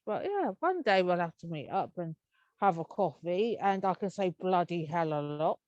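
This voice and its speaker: A woman's voice: fairly low pitch, big pitch swings, normal speed, a little mellow, no echo, muffled recording. A woman with an English accent, chatting as an interview guest in a rambling, cheerful way and laughing often. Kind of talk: casual interview chat.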